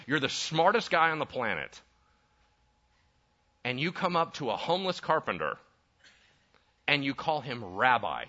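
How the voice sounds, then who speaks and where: Preacher guy talking casual, up-and-down lively voice, kinda muffled recording. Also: medium pitch. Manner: animated, conversational with slang. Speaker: pastor. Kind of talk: sermon. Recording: dull lo-fi sound.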